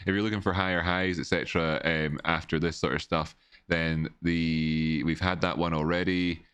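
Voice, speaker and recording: A man's voice: deep voice, level tone, moderate pace, a bit bright, clear, resonant tone, no echo. A man, rambling through casual live-stream chart analysis from home, repeating words and chatting with viewers. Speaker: livestream market analyst.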